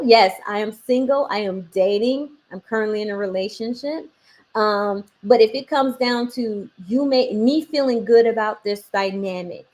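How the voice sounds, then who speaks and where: Talkative woman telling a story. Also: on the high side. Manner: storytelling, acting out quoted voices. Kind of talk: casual conversation.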